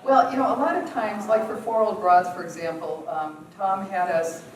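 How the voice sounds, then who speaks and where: A woman's voice: mid-range voice, moderate pace. A woman from the United States leading an acting workshop, answering questions in a chatty way with many fillers and frequent laughs. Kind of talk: casual Q&A teaching. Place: theatre workshop room. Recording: roomy, distant, faint noise.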